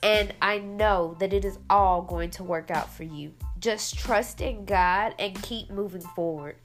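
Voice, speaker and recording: A woman's voice: mid-range voice, unhurried, soft background music. A young adult woman hosting a podcast, giving an emotional faith-based testimony in a teary, earnest voice with lots of "like". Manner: emotional, earnest, heavy use of "like". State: teary, sniffling. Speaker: podcast host.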